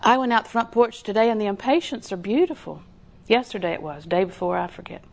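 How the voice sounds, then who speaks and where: This woman preacher speaks briskly, with a medium-pitched, gravelly voice, in a conversational sermon built on homespun stories. She acts out others' voices, laughs through asides and lowers to whispers when she wants emphasis.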